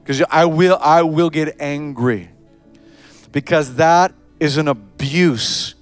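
High-voiced guy preaching, animated, faint music under it. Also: slow, smooth. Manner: animated preaching, acts out voices of parents, children and Jesus. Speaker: pastor. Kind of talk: sermon.

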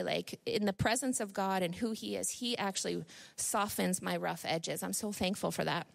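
Medium in pitch with noticeable vocal fry, this woman delivers a casual, talkative sermon to a church gathering. She's in her thirties, from Northern New York, and tells personal stories, laughing often and starting sentences over.

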